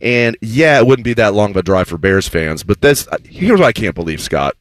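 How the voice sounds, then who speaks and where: A man co-hosting a sports talk show, giving opinions casually with lively ribbing. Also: on the low side, normal speed. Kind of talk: casual chat.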